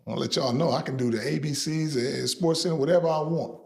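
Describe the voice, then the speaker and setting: A middle-aged man appears as an interview guest, his voice on the high side, gravelly, and fairly quick. Lively and boastful, he tells animated stories and acts out the voices of the people in them.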